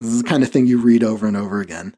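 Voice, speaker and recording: A podcast host with a fairly low, mellow voice races through a story in loose, casual chat. He rambles, packs in lots of "like" fillers, and chuckles often.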